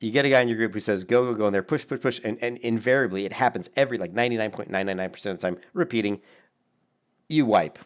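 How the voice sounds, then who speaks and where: Low-voiced man in profane gaming commentary. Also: fast. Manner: rambling, profane, laughs often. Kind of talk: casual reaction commentary.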